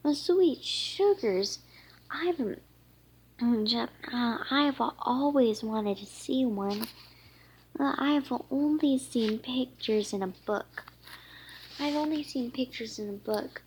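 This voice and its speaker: A woman voicing a timid young girl fairy in a storybook, reading haltingly with restarts. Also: a little high, a little hiss or hum. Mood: fretful.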